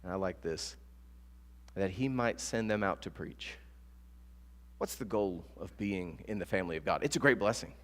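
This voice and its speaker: A man preaching a sermon as pastor, telling stories with lively acted-out quotes. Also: low-pitched, moderate pace. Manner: animated storytelling with acted-out quotes. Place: church sanctuary. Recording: long church reverb with soft guitar.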